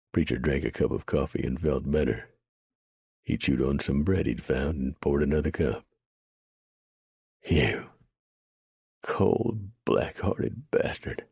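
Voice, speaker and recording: A man narrates a western in a steady, measured way. His voice is extremely deep, gravelly and a bit husky. The recording is dry and close. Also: dry recording. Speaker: audiobook narrator. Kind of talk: scripted narration.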